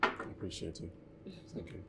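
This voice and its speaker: An actor playing a wealthy boss who talks in a tired, pleading way. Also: male voice, moderate pace, lightly acted. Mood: appreciative. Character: wealthy boss, man, weary and gentle. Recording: music playing underneath.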